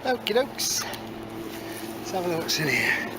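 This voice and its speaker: High-pitched with big swings in pitch, a man keeps a measured pace while narrating his metal detecting in a field. The commentary is casual and chatty, laced with cheeky asides and frequent "moving on"s, over background outdoor noise.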